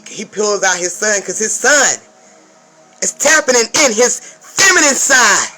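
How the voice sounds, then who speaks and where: A woman's voice: medium pitch, pushed and bright, poor audio. A woman speaking as a spiritual advisor in a casual vlog rant. She swears a lot, talks emphatically and keeps checking in with the viewer.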